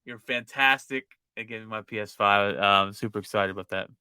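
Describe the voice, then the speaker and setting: Podcast co-host, male, very bright and smooth voice, dry close sound, animated storyteller. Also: on the low side, fairly quick, dry recording. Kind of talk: casual chat.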